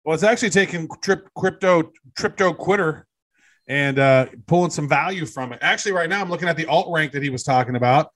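A man with a fairly high voice co-hosts a casual podcast. He jokes around and gets excited as he reads out numbers. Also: brisk. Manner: excitable, jokey. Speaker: podcast co-host. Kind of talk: casual chat.

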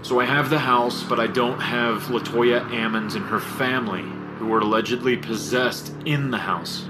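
A man narrating a paranormal TV documentary in a low, deliberate way. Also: steady tone, music in the background. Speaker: paranormal TV host. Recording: TV audio with background noise.

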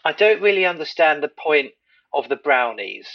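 Man, husky, dry and wry, slightly high voice, dull lo-fi sound. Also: sing-song, moderate pace, dry recording. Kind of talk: casual film discussion.

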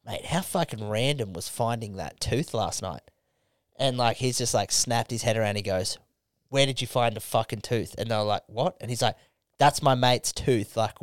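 A young Australian man hosting a podcast, telling a swearing-laden story with animated quoted voices. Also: medium pitch, clear, resonant tone, no room sound, studio quality. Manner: animated, swearing yarn-spinner acting out quotes. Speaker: podcast host. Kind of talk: casual storytelling chat.

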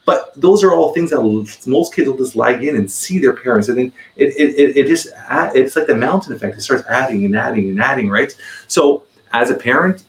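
A man's voice: mid-range voice, fairly quick, roomy sound, low-quality recording. A man in his forties, a podcast guest, telling a story in casual conversation, rambling and repeating words as he goes.

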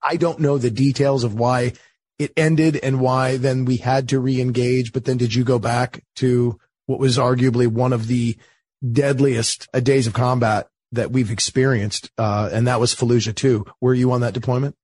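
A man's voice: mid-range voice, little pitch movement, darkish tone, dry recording, poor audio. Enthusiastic male podcast host. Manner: effusive and enthusiastic, quick to praise. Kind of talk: casual interview chat.

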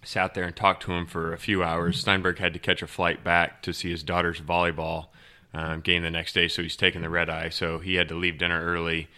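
Bright-voiced man telling a story. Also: deep voice, brisk. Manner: animated storyteller acting out quotes. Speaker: podcast guest, golfer. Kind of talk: casual storytelling.

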